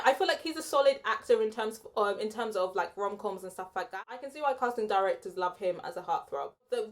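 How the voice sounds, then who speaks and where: A young woman giving a casual, opinionated spoken film review, chatty and full of "like" and "um". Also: medium pitch.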